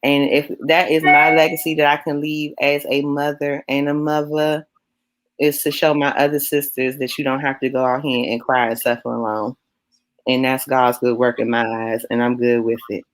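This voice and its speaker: A woman's voice: a bass voice, flat delivery, normal speed, no room sound. A woman panelist giving closing remarks in an earnest, devout manner.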